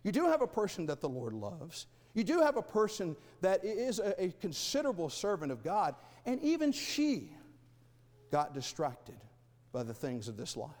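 A man preaching a sermon, asking rhetorical questions and swinging between loud and soft. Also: high-pitched, huge pitch swings, normal speed, long reverb tail.

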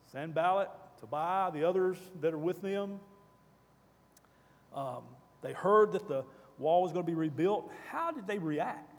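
A man's voice: on the high side, long reverb tail. A man leading a Bible study class, asking the group questions and reading scripture aloud.

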